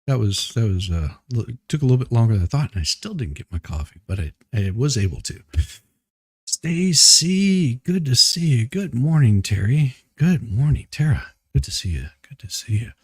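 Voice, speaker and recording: A man's voice: mid-range voice, big pitch swings, moderate pace, darkish tone, husky, no room sound, clean studio sound. A man hosting a live stream, chatting casually with viewers, rambling and poking fun at himself while a little out of breath. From Southeast Michigan, US. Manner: rambling, self-deprecating, greets chat viewers by name.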